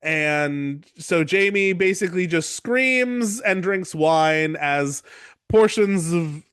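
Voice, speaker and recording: Chatty man recapping with quick asides. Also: fairly high pitch, expressive, fairly bright tone, smooth, no echo, studio quality. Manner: rambling, profane, acts out characters in quick asides. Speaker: podcast host. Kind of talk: casual book-club recap.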